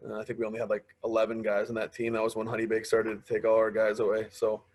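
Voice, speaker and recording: A man's voice: on the low side, fast. A man in his twenties, a guest on a podcast, chatting casually and telling stories, often acting out what others said to him. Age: 20s. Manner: storytelling, quoting others in lively asides. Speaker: podcast guest, pro hockey player. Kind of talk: casual interview chat.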